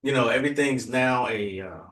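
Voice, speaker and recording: A man's voice: mid-range voice, normal speed, fairly bright tone. Laid-back Texan man in a roomy space. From Texas. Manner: laid-back, rambling with many fillers and asides. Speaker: livestream host. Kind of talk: casual livestream chat. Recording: roomy, distant from the mic.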